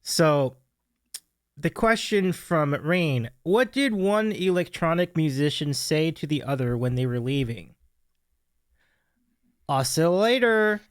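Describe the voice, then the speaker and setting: A man's voice: on the high side, a little slow, clean tone, no echo. A man hosting a casual live stream who laughs often and thanks viewers by name. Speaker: stream host.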